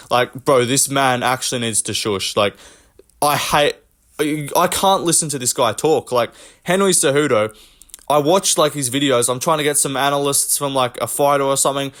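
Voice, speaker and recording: A man's voice: mid-range voice, moderate pace, a bit bright. A young man hosting a casual commentary rant, blunt, mocking and full of swearing. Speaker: host.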